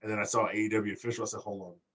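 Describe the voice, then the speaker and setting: A man's voice: on the low side, level tone, very fast, fairly bright tone, husky, recorded from a distance. A man co-hosting a wrestling podcast, talking crudely and jokingly, often repeating himself. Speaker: podcast co-host. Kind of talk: casual chat.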